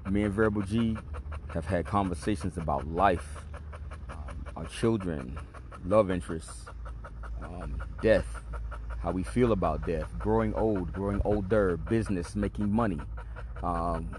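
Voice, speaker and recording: A man with a very deep, low voice tells a rambling personal story on his podcast. He talks in a laid-back, streetwise and profane way, with a faint hiss of noise behind him. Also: measured pace, darkish tone. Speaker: podcast host. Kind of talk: casual storytelling monologue.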